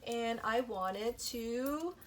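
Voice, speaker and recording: A woman's voice: a little high, expressive, drawn-out words. A young adult woman giving a spiritual tarot reading to camera, gushing over the cards and checking in with "okay?" and "you know" as she goes. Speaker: tarot reader.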